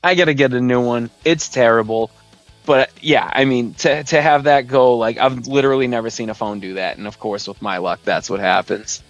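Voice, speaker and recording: Male podcast host, mid-pitched voice, dry and slightly dull sound, rambles and laughs through stories. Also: fairly even intonation, normal speed, no echo, soft background music. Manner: rambling, chuckles often, fillers like "man" and "dude". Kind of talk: casual live-stream storytelling.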